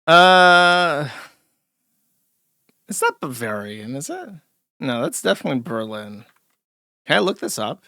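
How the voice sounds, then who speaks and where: Male stream host, gravelly voice, dry sound, sardonic rambler. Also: fairly high pitch, lively intonation, measured pace, pauses often, sharp tone, no room sound. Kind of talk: casual live-stream commentary.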